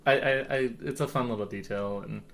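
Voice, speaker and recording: A man's voice: mid-range voice, a little fast, creaky, fairly bright tone. Rambling, laughing podcast man. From Canada. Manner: laughs often, rambling storyteller. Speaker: podcast co-host. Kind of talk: casual chat.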